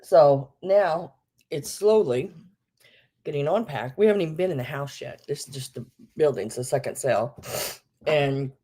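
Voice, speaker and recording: A woman's voice: low-pitched, moderate pace, warm tone, slightly rough. A woman hosting a live vintage sale, chatting casually and rambling with many ums, a bit out of breath. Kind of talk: casual live-stream chat.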